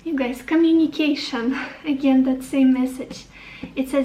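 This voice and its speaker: Upbeat high-voiced woman reading tarot. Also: fairly even intonation, unhurried, few pauses, mellow, roomy sound, distant mic, low-quality recording. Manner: upbeat, encouraging, thinks aloud as she reads cards. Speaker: tarot reader.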